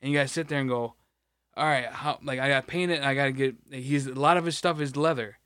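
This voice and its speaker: A man's voice: mid-range voice, steady tone, quick pace, fairly bright tone, clean tone, no room sound, studio quality. A man co-hosting a podcast in casual chat, rambling and swearing with many restarts. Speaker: podcast co-host.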